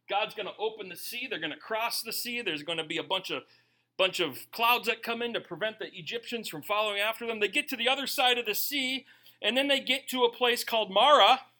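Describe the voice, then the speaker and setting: High, bright-voiced preacher acting out voices. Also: male voice. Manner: animated preaching that acts out quoted voices. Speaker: pastor. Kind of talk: sermon.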